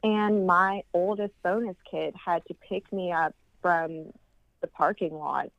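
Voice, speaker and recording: A woman's voice: fairly even intonation, slow pace, gravelly, fairly bright tone, dry recording, highs cut off. A grieving woman guest on a podcast, telling her story in a rambling way and acting out the voices of people she quotes. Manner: rambling, acts out quoted voices with big jumps in pitch. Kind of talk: casual conversational storytelling.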